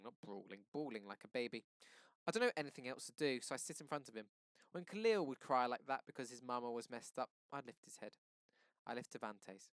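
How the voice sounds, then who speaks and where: A male teacher reading a novel aloud to his class in a lively, expressive way. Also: medium pitch, no room sound.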